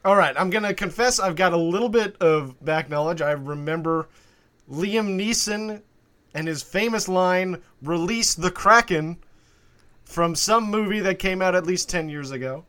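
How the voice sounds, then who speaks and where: A man co-hosting a comedy podcast about monsters, trading playful deadpan jokes in casual banter. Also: high voice, normal speed. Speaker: co-host.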